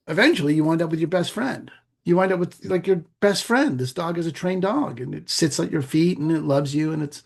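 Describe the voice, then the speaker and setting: A middle-aged man, a meditation teacher and podcast guest, explaining in a relaxed conversational way with playful asides. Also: on the high side. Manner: gravelly, husky, animated with playful asides.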